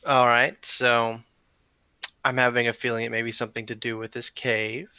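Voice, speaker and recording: A man voicing a steady monster hunter who speaks in a matter-of-fact way. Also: medium pitch, normal speed, clear, resonant tone, dry recording, muffled recording.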